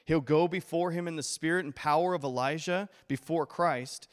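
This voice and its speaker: A man preaching a sermon as pastor, animated and playful, acting out the voices he quotes with humor. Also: on the high side, moderate pace, clean tone, big-room sound.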